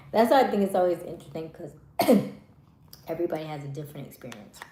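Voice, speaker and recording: A woman with a low voice chats casually with her live stream viewers, full of fillers. She speaks softly and lets her words trail off. The sound is roomy and echoey, with a faint hiss underneath. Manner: chatty, many fillers.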